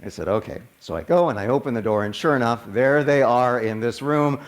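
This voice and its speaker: A man's voice: medium pitch, fairly quick. Man, minister, conversational sermon, stammering restarts. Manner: conversational, animated when quoting others, frequent stammered restarts. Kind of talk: storytelling sermon.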